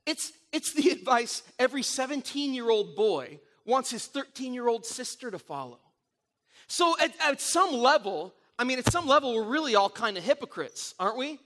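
Man, pastor, sermon, high-pitched, animated storyteller, repeats himself. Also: moderate pace.

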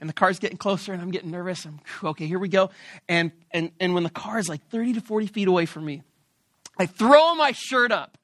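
A man preaching a sermon who tells a story about himself in an animated, playful and self-mocking way. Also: high voice, brisk, no room sound, clean studio sound. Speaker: pastor.

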